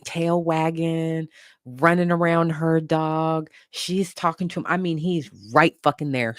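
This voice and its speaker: A livestream host telling a story in a casual, lively way, swearing and laughing along the way. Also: mid-range voice, no echo, studio quality.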